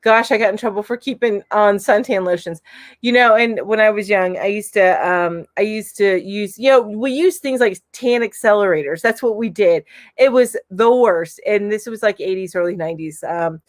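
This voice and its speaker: A woman's voice: medium pitch, moderate pace. A chatty, upbeat woman in her forties from Florida, hosting a casual live stream where she reads viewer comments aloud and laughs often. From Florida, USA.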